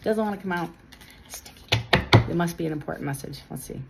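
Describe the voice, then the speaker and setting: A woman's voice: fairly low pitch, fairly quick, gravelly, heavy background noise. A woman giving a casual tarot reading to camera, earnest and chatty, with a self-deprecating touch. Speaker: tarot reader.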